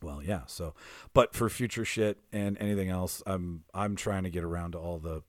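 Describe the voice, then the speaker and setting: A man's voice: low voice, moderate pace, dry recording, clean studio sound. A man hosting a podcast in casual chat, rambling and laughing often, swearing now and then. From Canada. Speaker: podcast host.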